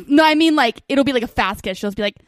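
A woman's voice: on the high side, expressive, fast talker, dry recording, studio quality. A young woman co-hosting a podcast, gushing in casual chat and acting out scenes, laughing often. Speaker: podcast co-host.

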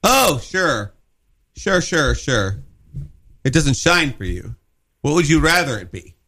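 Chatty host man, lively pitch. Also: no room sound. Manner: quick interjecting questions. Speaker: show host. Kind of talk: casual talk show chat.

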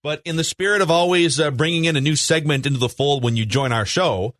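A man's voice: fairly high pitch, fast talker. Upbeat male sports radio host. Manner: upbeat, sets up segments with long questions.

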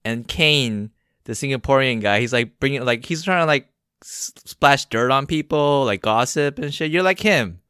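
A man co-hosting a podcast in casual, joking chat, quick to tease and apologize. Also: mid-range voice, clean tone, no room sound, clean studio sound. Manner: joking, animated, sings a mock apology song. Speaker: podcast co-host.

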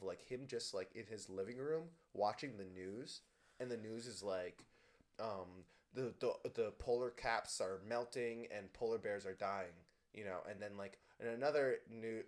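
Animated man retelling a movie. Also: fairly low pitch. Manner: animated retelling, acts out characters' lines, laughs often. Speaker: podcast co-host. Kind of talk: casual movie review chat.

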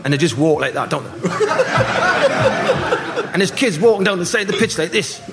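Older guy telling footy stories, slightly high voice, noisy live room. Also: brisk. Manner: animated anecdotes, acting out voices, laughing. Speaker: guest, former footballer. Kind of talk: live storytelling on stage. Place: live party event.

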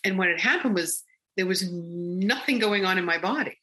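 A woman guest recounting a personal experience in conversation, animated and rambling with frequent restarts. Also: lowish voice, moderate pace, poor audio.

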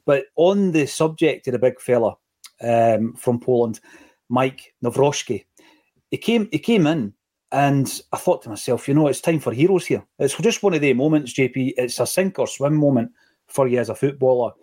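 A Scottish man in middle age hosts a football podcast, talking through his opinions casually with quick asides. His voice sits at an ordinary middle pitch for a man. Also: animated, dark tone. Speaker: podcast host.

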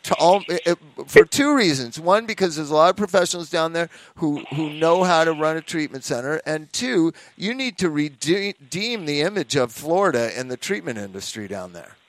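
A man's voice: a little high, expressive, moderate pace, hardly any pauses, no echo, low-quality recording. A man in casual conversation, speaking earnestly and restarting words mid-phrase. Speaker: conversation partner.

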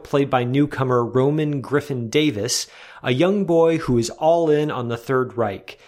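A man hosting a film-review podcast, giving measured, partly scripted introductions with the odd restart. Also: medium pitch. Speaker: podcast host.

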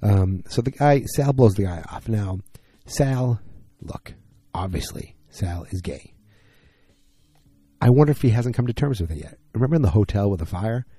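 A tired man casually recapping a TV episode, rambling and acting out the characters' lines in quick bursts. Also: on the low side, animated, mellow, slightly rough, dry recording. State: tired, yawning. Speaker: podcast host recapping a TV episode.

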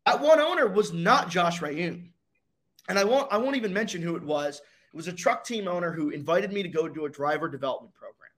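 A young man, a racing driver, telling his story in a casual interview with dramatic pauses and energy. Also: sits high, animated, a bit bright.

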